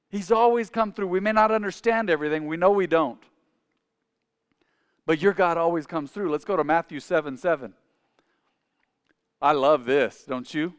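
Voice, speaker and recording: A man preaches a sermon, his voice sitting a little higher than most men's. The tone is smooth and resonant. He drives his points home by repeating them with rising emphasis. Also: a bit bright. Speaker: pastor.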